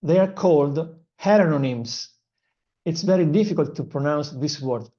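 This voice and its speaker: A non-native English speaker with an Italian accent gives an earnest motivational language lesson in short phrases, pausing on fillers. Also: medium pitch, warm tone, highs cut off. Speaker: English-learning channel host.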